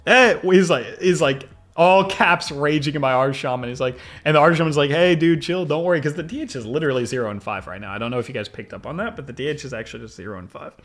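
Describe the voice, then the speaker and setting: A young man commentating his own game replays in an excitable, fast-shifting way, often laughing. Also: medium pitch, faint music behind. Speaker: gaming video creator.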